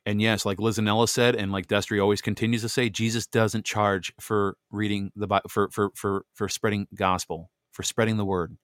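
A man's voice: lowish voice, little pitch movement, moderate pace, few pauses, fairly bright tone, clear, resonant tone, dry recording. A man hosting a podcast, talking in a heated, preachy way and addressing listeners directly, into a close desk microphone. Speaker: podcast host. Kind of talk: heated religious podcast talk.

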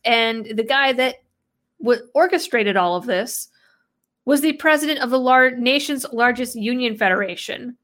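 A woman's voice: a little high, normal speed, a bit bright. A woman giving sarcastic, skeptical solo commentary, reading quotes from an article aloud and adding her own asides. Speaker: political commentator. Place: New England background.

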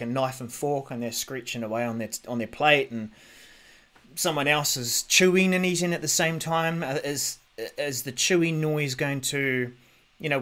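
A man's voice: medium pitch, fairly bright tone. Male podcast host, easygoing tech rundown into a desk mic, loose and full of ums. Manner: chatty, many ums and restarts, thinks aloud. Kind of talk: casual tech news commentary.

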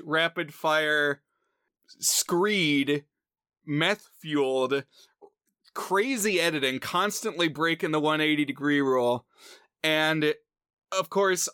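A man's voice: on the high side, smooth, dry recording, clean studio sound. A man co-hosting a podcast, discussing a film casually and acting out bits of scenes. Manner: animated, acts out lines from scenes. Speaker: podcast co-host.

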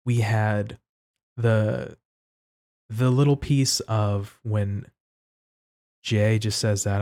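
A man on a podcast speaks slowly in a fairly low voice. He measures his words and sounds appreciative as he sums up. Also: steady tone, a little mellow. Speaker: podcast co-host. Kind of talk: casual podcast commentary.

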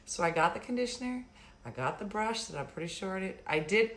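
A woman's voice: mid-range voice, sing-song, a little fast, a bit bright. A middle-aged woman hosting a live stream, chatting casually, rambling and laughing often. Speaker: livestream host.

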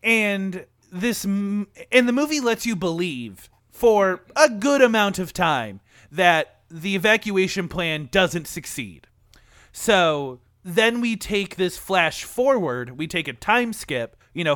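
A man's voice: high-pitched, pushed and bright, dry recording, studio quality. A young man retelling a film scene in a casual, emotional podcast chat, full of "like" fillers. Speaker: podcast co-host. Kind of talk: casual movie discussion.

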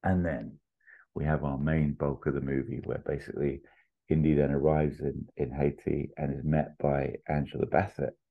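A man co-hosting a podcast, casually pitching a movie plot in a rambling way with many fillers. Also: flat delivery, normal speed, phone-quality sound. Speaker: podcast co-host.

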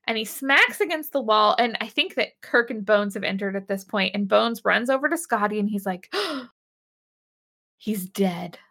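A woman's voice: mid-range voice, a little fast, few pauses. A young woman co-hosting a podcast, retelling an episode casually with lots of laughing and swearing. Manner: giggly, swearing, animated retelling. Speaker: podcast co-host.

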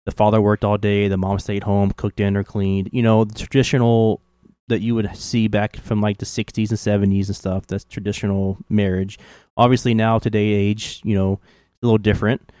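A man's voice: on the low side, little pitch movement, fairly quick, darkish tone, no echo. A man from Kentucky with a faint Southern accent, chatting casually on a podcast with lots of fillers. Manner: rambling, many "like" and "you know" fillers. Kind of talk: casual conversation.

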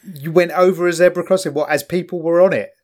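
A middle-aged man chatting casually on a podcast, teasing his co-host with quick jokes. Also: fairly high pitch, fairly even intonation. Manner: jokey, teasing interjections. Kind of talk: casual chat.

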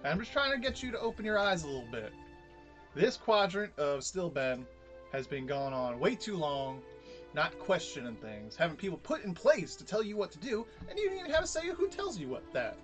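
A man's voice: high-pitched, very animated, a little fast, over music. A man speaking in character at a tabletop game, preachy and insistent like he's giving a speech. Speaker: player. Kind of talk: in-character role-play.

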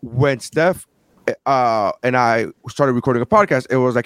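A man's voice: medium pitch, normal speed, a bit bright, clean tone, no echo. A man hosting a podcast, telling crude, joking stories in casual chat. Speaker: podcast host.

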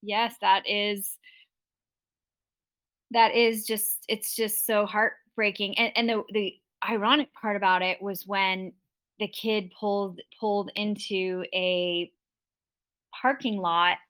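A woman hosting a live stream in casual chat, agreeing eagerly and retelling things quickly. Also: mid-range voice, level tone, fairly bright tone, clear, resonant tone. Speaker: host.

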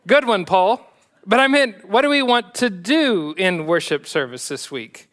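Guy putting on a cheery worship pastor, bright and high, all business. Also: animated, unhurried. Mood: chipper. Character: upbeat male worship pastor.

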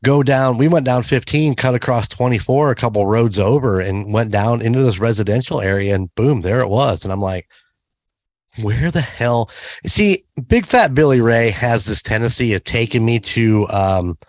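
A man's voice: mid-range voice, moderate pace, dry recording. Chatty man giving restaurant tips. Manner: chatty, enthusiastic restaurant recommendations. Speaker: podcast co-host. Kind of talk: casual chat.

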